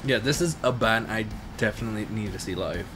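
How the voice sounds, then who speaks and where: A man co-hosting a reaction video, chatting casually in an animated way, swearing freely and laughing often. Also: on the low side, fast. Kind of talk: casual chat. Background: loud rock music from the video.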